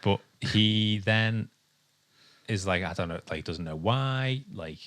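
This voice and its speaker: Speaking slowly in a lowish, somewhat bright voice with lively intonation, this Englishman chats casually as a podcast co-host. He rambles, often saying um and starting over, while a dog is around at home.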